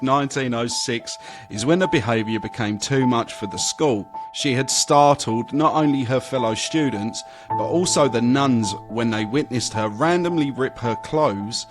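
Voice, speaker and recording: A man hosting a podcast, reading a paranormal story in a casual, lively way. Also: medium pitch. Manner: casual, swearing, lively narration. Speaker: podcast host.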